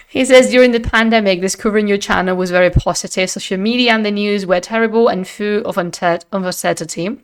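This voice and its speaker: Streaming from home on camera, this woman talks briskly with few pauses into a desk mic, her voice mid-pitched. Spanish is her first language, and her casual chat is expressive, full of laughter, and sprinkled with Spanish phrases.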